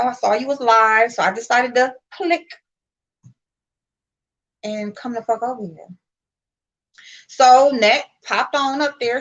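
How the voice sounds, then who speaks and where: Woman livestream host, higher-pitched, blunt and profane, lively storyteller; dull lo-fi stream audio. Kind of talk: casual livestream commentary.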